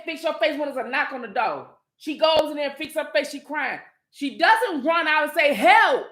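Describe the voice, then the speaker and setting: A woman's voice: sits high, fairly bright tone, roomy sound. A woman giving a blunt, profane commentary monologue straight to her viewers. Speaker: channel host.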